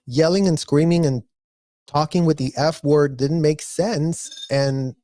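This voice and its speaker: A man's voice: on the high side, steady tone, unhurried, mellow. A man narrating a critical commentary video. He sounds indignant and mocking, and he often mimics the people he criticizes. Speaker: commentary vlogger.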